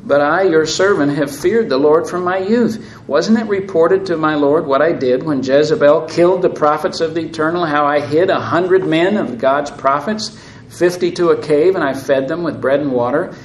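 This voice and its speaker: A man's voice: a little high, normal speed, echoey room, a little hiss or hum, close to an everyday voice, poor audio. A man reading the part of a frightened male royal steward who pleads urgently, his voice raised and emphatic. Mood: pleading.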